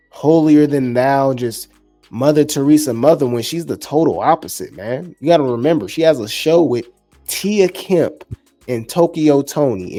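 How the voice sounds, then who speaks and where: Sarcastic man with a mellow voice. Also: a little high. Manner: sarcastic, blunt, scolding. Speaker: gossip commentary host. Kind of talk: reaction commentary.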